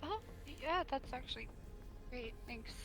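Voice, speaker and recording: A woman's voice: high voice, animated, a little slow, vocal fry, music in the background. A woman in a VR roleplay chatting mildly, with hesitant fillers. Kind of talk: VR roleplay, in-character chat.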